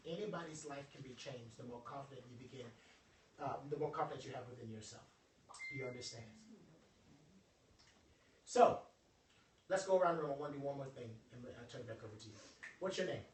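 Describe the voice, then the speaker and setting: A young man giving an informal motivational talk to a small group, lively and joking in a preacherly way, calling on his audience. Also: medium pitch, a little hiss or hum. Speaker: motivational speaker. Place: indoor room with a small audience. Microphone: phone livestream from across the room. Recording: echoey room, voice from a distance.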